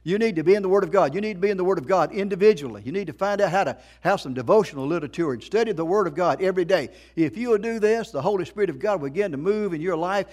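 This middle-aged man, a pastor, gives an emphatic sermon with a voice that sits high. Phrases get repeated, and he questions the congregation rhetorically.

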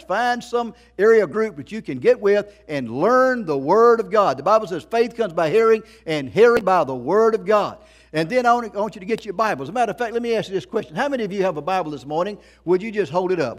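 Preaching with emphasis, a middle-aged pastor keeps asking his congregation rhetorical questions and repeating phrases, all in a high voice.

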